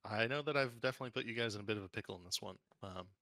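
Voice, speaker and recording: Bright-voiced man running a tabletop game. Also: fairly low pitch, rapid-fire, no room sound. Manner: matter-of-fact, reads out lists. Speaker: dungeon master.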